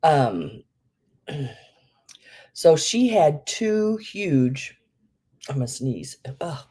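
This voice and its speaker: A woman's voice: low voice, sing-song, extremely slow, dark tone, husky. A woman hosting a live vintage sale, chatting casually and rambling with many ums, a bit out of breath. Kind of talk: casual live-stream chat.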